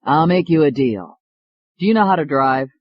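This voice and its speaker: A narrator voicing a brisk, gruff older male doctor who talks bluntly. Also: medium pitch, lively intonation, dry recording, muffled recording, close to an everyday voice. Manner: curt, blunt.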